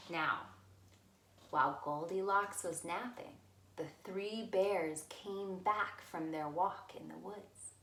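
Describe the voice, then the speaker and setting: Animated, sing-song woman reading to kids. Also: medium pitch, slow pace, echoey room, a little hiss or hum. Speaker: children's librarian. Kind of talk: storytime reading for children.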